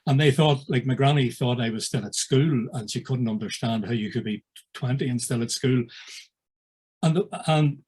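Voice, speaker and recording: A man's voice: mid-range voice, moderate pace, darkish tone, breathy edge. A man in his sixties with a Belfast accent, telling wry stories from his past as an interviewee. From East Belfast, Northern Ireland. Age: 60s. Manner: wry storyteller, acts out old conversations. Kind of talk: anecdotal storytelling.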